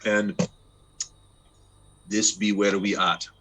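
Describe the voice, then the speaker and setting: Bright-voiced rambling game master. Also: male voice, lowish voice, level tone, very slow, a little hiss or hum, poor audio. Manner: rambling, many fillers, laughs easily. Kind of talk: running a tabletop game online.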